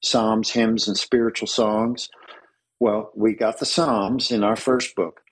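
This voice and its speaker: A man with a husky, slightly breathy voice talks in an earnest, measured way. He often slows down to press a point home, with plenty of pauses and fillers along the way. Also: fairly low pitch, fairly even intonation, low-quality recording. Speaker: interview guest, Orthodox clergy author. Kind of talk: thoughtful conversational interview.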